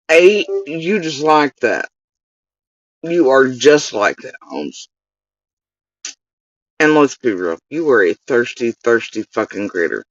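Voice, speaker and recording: A channel host with a medium-pitched voice goes on an angry, profane rant straight to camera, hurling accusations and insults at one person. The recording is dull, lo-fi and dry, with no echo.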